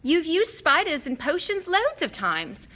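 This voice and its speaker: A woman reading an audiobook, voicing a clever, earnest schoolgirl who talks briskly and with curiosity. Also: very high-pitched, very animated, bright, forceful tone, voice pushed up, heavily acted.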